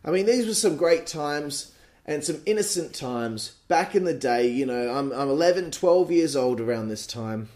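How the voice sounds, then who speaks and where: An Australian man in his late twenties hosts a podcast and tells crude, animated stories. He swears freely, and his voice sits a touch higher than most men's. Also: normal speed. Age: late 20s. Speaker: podcast host. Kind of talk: casual storytelling monologue.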